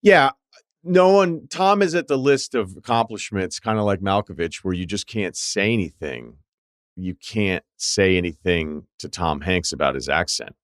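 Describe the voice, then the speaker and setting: Low, wry man hosting a podcast. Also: expressive, moderate pace, no room sound, studio quality. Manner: wry, rambling storyteller. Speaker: podcast host. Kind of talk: casual chat.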